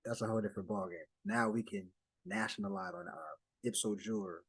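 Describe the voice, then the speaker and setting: A man's voice: fairly low pitch, lively intonation, a little fast, vocal fry, a bit bright, slightly rough, dry recording, low-quality recording. A man presenting a document to a study group in a casual, conversational way, with asides, restarts and direct address. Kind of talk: casual explanatory talk over slides.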